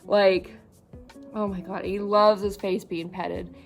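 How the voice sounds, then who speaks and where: A young woman vlogger talking casually about her cat, halting with many fillers and fighting back tears. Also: medium pitch, little pitch movement, soft background music. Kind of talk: casual vlog.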